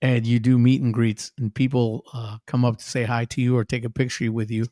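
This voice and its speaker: A man's voice: mid-range voice, fairly quick, no room sound, clean studio sound. A middle-aged man, a guest musician, telling stories in casual chat and acting out other people's lines in a raised voice. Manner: animated, acts out quotes in a raised voice.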